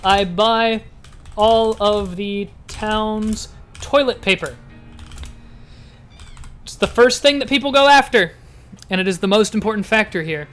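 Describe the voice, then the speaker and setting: A man casually commenting as he reads a text adventure game aloud, getting excited and laughing often. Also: sits high, measured pace, pauses often, soft background music. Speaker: gaming YouTuber.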